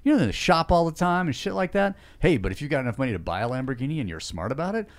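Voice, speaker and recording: A man chatting as a podcast guest, joking around and swearing in a loose, animated way. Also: a little high, racing. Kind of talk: casual chat.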